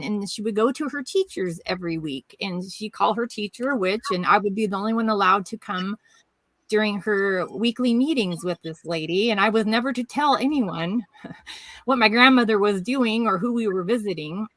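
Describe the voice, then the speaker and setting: A woman's voice: medium pitch, sharp tone, dry recording, low-quality recording. A middle-aged woman from Washington State, telling a rambling personal story as a podcast guest and acting out the voices of people she quotes. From Washington State, USA. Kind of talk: casual storytelling chat.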